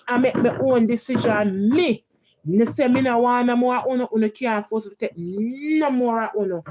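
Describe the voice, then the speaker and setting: Woman, Jamaican accent, heated scolding rant, patois, fairly high voice, live stream. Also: background noise.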